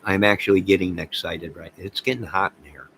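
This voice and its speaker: A man hosting a casual livestream, rambling excitedly and talking to viewers by name. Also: deep voice, brisk, vocal fry, a little hiss or hum, low-quality recording. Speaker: livestream host reading chat.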